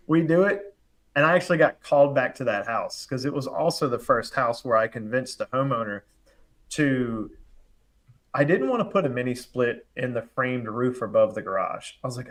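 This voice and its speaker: Animated storytelling man. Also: medium pitch, fairly quick. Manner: animated storyteller acting out quoted voices. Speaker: HVAC contractor, show regular. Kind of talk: casual storytelling on a live panel show.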